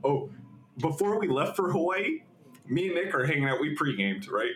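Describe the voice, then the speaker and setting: A man's voice: a little high, big pitch swings, moderate pace, a bit bright, faint music behind. A young man hosting a casual podcast, swearing often and laughing as he tells stories. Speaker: podcast host. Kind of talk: casual chat. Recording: echoey room with faint noise.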